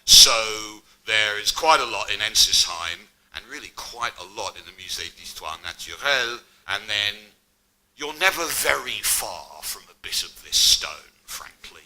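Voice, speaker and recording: A man's voice: fairly low pitch, animated, measured pace, bright, forceful tone, rough recording. A middle-aged man giving an academic public lecture, mixing scholarly narration with wry asides.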